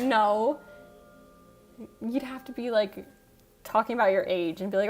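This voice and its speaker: Woman, livestream host, casual chat, teasing, quick laughs, faint background music. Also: on the high side. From United States. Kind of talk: casual chat while reading live chat. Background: soft background music.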